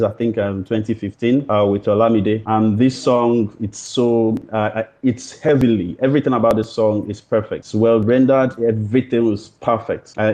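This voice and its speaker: A Nigerian man hosting an interview show, formal and welcoming, pausing often with fillers. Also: fairly low pitch, dark tone. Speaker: podcast host. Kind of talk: hosted interview.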